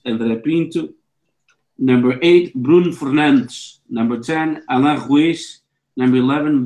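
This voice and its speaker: A man's voice: medium pitch, a little mellow, rough recording. A man co-hosting a football podcast in casual chat, reading out a long list with stumbles and restarts. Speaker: podcast co-host.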